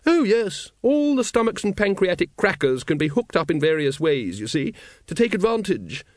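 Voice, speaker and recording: A man's voice: high-pitched, big pitch swings, normal speed, no echo, studio quality, pitched above the performer's own voice. A man putting on a hearty, gushing posh lady. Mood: eager. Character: hearty upper-class woman, kind, awkward.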